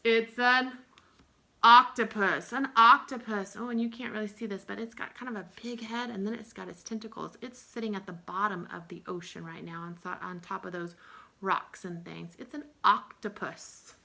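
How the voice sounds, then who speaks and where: A woman's voice: mid-range voice, fairly even intonation, fairly quick, gravelly, pushed and bright. A woman teaching young children, in a sing-song voice, stretching out sounds and sometimes dropping to a whisper. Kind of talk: early-years lesson.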